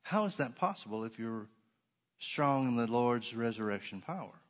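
A middle-aged man preaching a sermon as pastor, emphatic and sometimes sarcastic, slowing down to stress repeated words. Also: mid-range voice, lively intonation.

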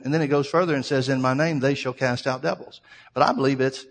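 A man preaching to his congregation, reading verses and breaking them down point by point. His voice sits at an ordinary middle pitch and carries a long hall reverb behind it. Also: steady tone, fast. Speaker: pastor. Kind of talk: sermon.

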